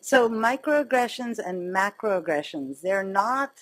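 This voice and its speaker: A middle-aged woman physician giving a conversational medical lecture, chatty and self-mocking, telling anecdotes with quick wit. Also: medium pitch, animated, slight background noise.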